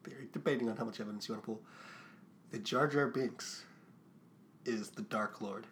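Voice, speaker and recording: A man's voice: on the low side, normal speed, fairly bright tone, a little hiss or hum. A young man co-hosting a casual podcast, rambling with lots of fillers and swearing. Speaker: podcast co-host.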